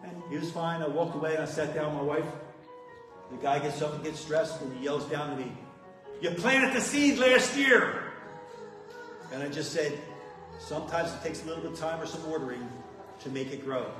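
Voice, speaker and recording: This guest speaker at a recovery meeting tells his story plainly and earnestly, his fairly high voice fast and fairly even in intonation. The mic sits at a distance in an echoey hall, with music audible.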